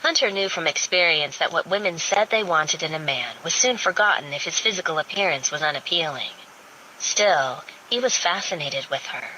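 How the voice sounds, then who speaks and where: A woman narrating a romance audiobook in a steady, even reading. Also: sits low, normal speed, a little hiss or hum, low-quality recording.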